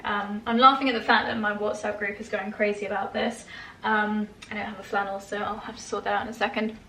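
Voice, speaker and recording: A woman's voice: mid-range voice, steady tone, a little fast, a little hiss or hum. A woman chatting casually in a home vlog, gushing about skincare while massaging her face. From England. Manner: chatty and gushing, with soft laughs. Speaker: lifestyle vlogger.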